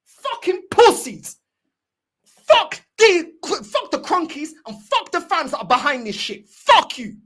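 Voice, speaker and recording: A woman's voice: very high voice, very animated, slow, fairly bright tone. A woman, ranting angrily and scornfully as a football fan streamer. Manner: angry, sweary, scornful ranting.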